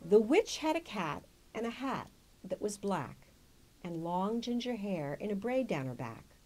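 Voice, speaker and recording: A woman's voice: medium pitch, very animated, unhurried, darkish tone, low-quality recording. A woman reading a children's picture book aloud with dramatic, varied storytelling.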